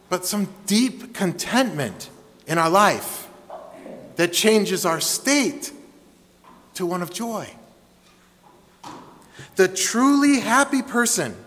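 A man's voice: high voice, fairly bright tone. A man preaching a sermon to his congregation, emphatic and engaging, with call-and-response. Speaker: pastor. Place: church sanctuary. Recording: long hall reverb.

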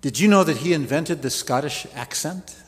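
A man's voice: on the high side, moderate pace, big-room sound. A man preaching a sermon, telling stories with folksy asides. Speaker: pastor.

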